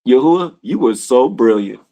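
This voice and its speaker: Lively, animated woman teaching scripture. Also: a bass voice, moderate pace. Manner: animated, laughing, talks to viewers as y'all. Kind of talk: casual livestream Bible teaching.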